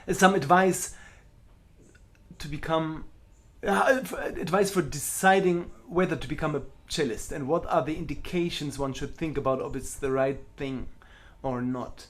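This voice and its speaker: Man, middle-aged, cellist, live Q&A, slightly high voice, candid, self-mocking. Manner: candid, self-deprecating, blunt. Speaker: cellist answering viewer questions. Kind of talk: live online Q&A.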